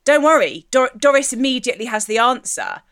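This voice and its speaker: A woman voicing a 1920s socialite ghost who was a chef and restaurant critic, speaking in a slow, poised, salesy way. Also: high-pitched, lively intonation, fairly bright tone.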